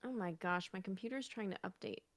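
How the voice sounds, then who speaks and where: A woman's voice: medium pitch, a little fast. A woman who is a singer-songwriter, chatting casually as a guest on a livestream and laughing along.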